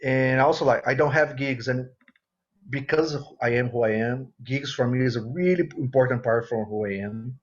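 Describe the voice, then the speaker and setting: A man's voice: mid-range voice, moderate pace. Earnest man on dull call audio. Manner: earnest, expressive, non-native phrasing. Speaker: guitarist guest. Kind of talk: casual interview chat.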